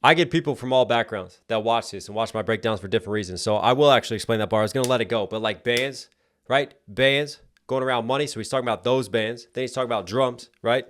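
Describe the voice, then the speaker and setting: A man's voice: medium pitch, quick pace, fairly bright tone. A man talking casually as he breaks down rap lyrics, explaining each point and often checking in with "right?". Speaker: rapper reacting to a song. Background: song playing faintly underneath.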